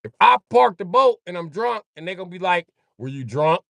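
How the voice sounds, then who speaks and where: A man's voice: high voice, brisk, vocal fry, a bit bright, no room sound. A man rambling casually and joking on a livestream, swearing freely and laughing often.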